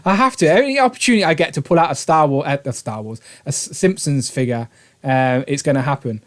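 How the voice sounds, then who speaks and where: A man's voice: fairly high pitch, animated, fairly quick. A man hosting a toy review livestream in casual, jokey chat, laughing often.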